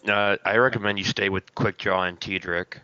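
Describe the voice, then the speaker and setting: A man playing in a tabletop game, talking excitably in quick bursts with restarts. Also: low voice, lo-fi sound, a crowd in the background. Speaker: player. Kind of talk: casual tabletop play.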